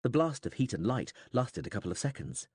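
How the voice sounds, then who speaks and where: A man reading an audiobook aloud in dramatic, expressive scripted narration. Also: medium pitch, fairly quick, husky, no room sound, clean studio sound.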